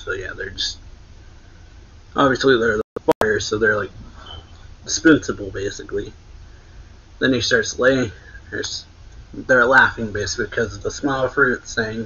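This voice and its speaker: A man casually walks through a comic chapter, trailing off into fillers and punching up the quoted lines. His voice is bright and a little husky. The recording sounds dull and lo-fi. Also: steady tone, normal speed, pauses often. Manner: reads quoted lines louder and higher, loose filler-heavy retelling. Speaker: manga reaction host. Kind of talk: casual reading and retelling.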